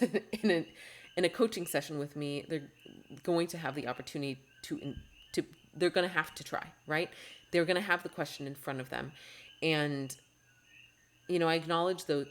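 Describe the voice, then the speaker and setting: A woman's voice: fairly low pitch, a little hiss or hum. A woman hosting a podcast as a test-prep coach, talking in a heartfelt, encouraging way and often restarting her sentences. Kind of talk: earnest podcast monologue.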